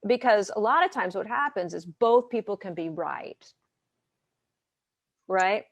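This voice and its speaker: A woman therapist answering interview questions in a lively way, often acting out clients' quoted lines as she gives examples. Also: mid-range voice, a little slow, no echo. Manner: animated, talks through examples and quoted dialogue. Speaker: therapist and coach.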